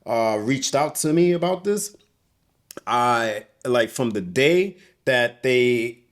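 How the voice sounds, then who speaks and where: A man's voice: mid-range voice, expressive, slow. A young man, a guest on an interview show, telling a story indoors from a couch in an agitated, profane way, often saying "bro". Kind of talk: emotional storytelling.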